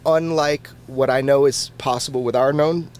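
A man being interviewed as a podcast guest, who talks in an animated and casual way, swears freely and often restarts his words. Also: medium pitch, moderate pace, a little hiss or hum.

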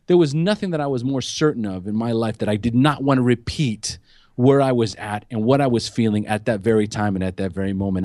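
A man's voice: mid-range voice, darkish tone, no echo, clean studio sound. A man as a podcast guest, candidly and emotionally recounting his addiction recovery in earnest, unpolished storytelling.

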